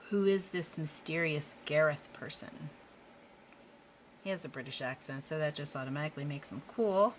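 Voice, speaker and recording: Slight background noise accompanies this middle-aged Western Pennsylvania craft vlogger as she paints a canvas. Her voice sits low with a fairly bright tone, and she rambles chattily, poking fun at herself along the way.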